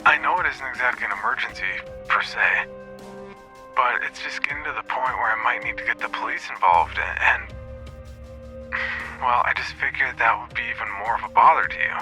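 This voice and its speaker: A man's voice: medium pitch, normal speed, pushed and bright, soft background music. A man voicing a nervous male shop clerk, speaking shakily and stammering over a radio to his boss. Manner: shaky, hesitant, stammering. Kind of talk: first-person horror story narration.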